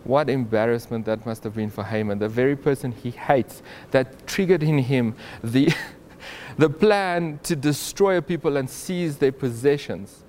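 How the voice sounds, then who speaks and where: A man retells a Bible story in an informal, animated way, chuckling now and then and often restarting his sentences. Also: mid-range voice, a little slow, slight background noise. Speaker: Bible teacher.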